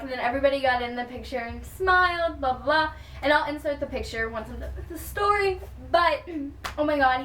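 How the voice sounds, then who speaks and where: A woman from Texas telling a long, excited fan story on her vlog, rambling with lots of "like" and "um" fillers. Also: high voice, a little hiss or hum. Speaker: vlogger. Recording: roomy sound with the mic at a distance.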